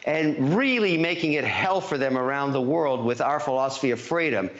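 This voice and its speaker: A man giving an assertive, measured interview answer, slowing down to land his points. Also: medium pitch, lively intonation, fairly bright tone. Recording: dull lo-fi TV clip.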